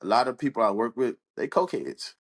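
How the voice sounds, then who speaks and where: A man's voice: medium pitch, animated, quick pace, slightly rough. A young man co-hosting a podcast, telling stories in loose, profane slang. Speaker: podcast co-host. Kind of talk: casual chat.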